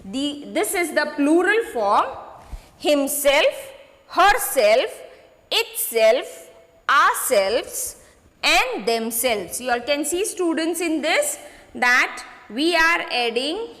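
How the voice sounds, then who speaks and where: A woman teaching a grade six grammar lesson, repeating points slowly and checking in with students. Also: high-pitched, very animated, bright, forceful tone, in a large hall. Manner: slow, repetitive, addresses students with "okay?" checks.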